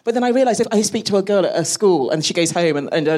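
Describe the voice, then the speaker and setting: A woman's voice: mid-range voice, rapid-fire, hardly any pauses, darkish tone. A woman, a space scientist on a live panel, chatty and often laughing between phrases. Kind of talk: live podcast panel chat.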